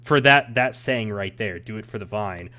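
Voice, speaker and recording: A man's voice: on the low side, normal speed, pushed and bright, a little hiss or hum. A young adult man co-hosting a podcast, giving his opinions in a rambling, ranting casual chat. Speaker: podcast co-host.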